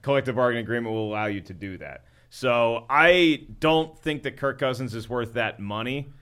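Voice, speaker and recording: A man's voice: mid-range voice, normal speed, a bit bright. A man co-hosting a loose podcast conversation. His voice sits mid-range, and he talks earnestly, restarting his sentences as he works through a point. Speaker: podcast co-host. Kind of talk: casual chat.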